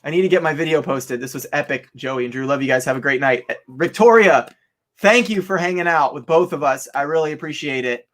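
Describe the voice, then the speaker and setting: An excitable young man chats on a casual live stream with a voice pitched a little higher than most men's. He laughs often and talks straight to his viewers, thinking out loud as he works. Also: brisk. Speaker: online reseller hosting a live stream. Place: home office.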